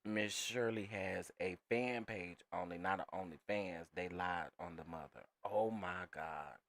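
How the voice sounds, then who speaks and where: A man's voice: low-pitched, fairly even intonation, unhurried, vocal fry, a bit bright. A man hosting a casual reaction commentary, talking emphatically to his viewers and repeating phrases. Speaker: commentary channel host.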